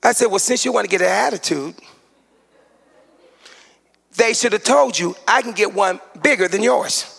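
A pastor in his forties preaching a sermon with a sing-song cadence, shouted peaks and humorous asides. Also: high voice, normal speed, vocal fry, long pauses, husky, in a large hall. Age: 40s.

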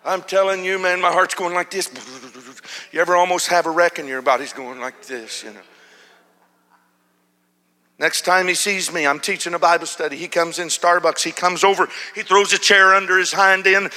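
A male pastor telling a story in a sermon, animated, acting out shouts and whispers. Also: high voice. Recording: long hall reverb.

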